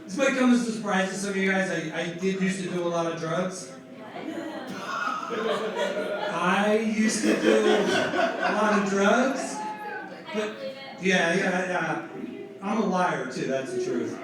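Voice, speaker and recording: Profane stand-up comic in echoey club. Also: male voice, sits high, normal speed, distant mic. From New Jersey. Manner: profane, self-mocking, punchy delivery. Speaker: stand-up comedian. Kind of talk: stand-up comedy set. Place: comedy club stage. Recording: echoey club room, mic heard from afar with crowd noise.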